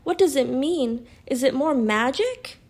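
A woman's voice: mid-range voice, sing-song, moderate pace, mellow. A woman reading a storybook aloud and voicing an anxious, sensible older girl who speaks in a shaky, worried way. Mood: distressed.

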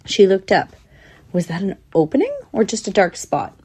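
Lively woman reading a storybook. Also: medium pitch, normal speed, breathy edge. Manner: lively, voicing each squirrel. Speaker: narrator. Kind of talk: storybook narration.

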